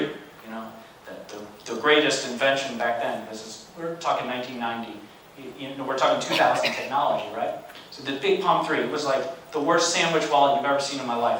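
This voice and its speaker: A man in his forties giving a storytelling lecture as a guest speaker, animated and conversational with wry humor. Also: mid-range voice, slight background noise. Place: large university lecture hall. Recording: echoey hall, distant mic.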